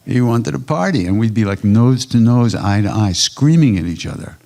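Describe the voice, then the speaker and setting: A man's voice: on the low side, lively intonation, normal speed, vocal fry. An older man telling stories in a casual, conversational way during a live retreat Q&A. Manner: warm anecdotal storytelling, casual and conversational. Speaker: kirtan teacher answering questions. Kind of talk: storytelling talk at a retreat Q&A. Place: ashram hall at a live retreat.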